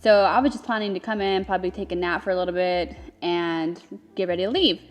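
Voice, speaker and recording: A woman's voice: fairly low pitch, fast talker. A young adult woman co-hosting, telling a story casually and animatedly, laughing often and getting emotional. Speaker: co-host recounting her engagement.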